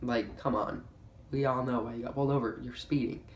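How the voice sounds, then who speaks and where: A young man in his late teens rambles through a casual storytime vlog in an echoey room, saying "like" constantly. His voice is medium-pitched and steady, and he talks briskly.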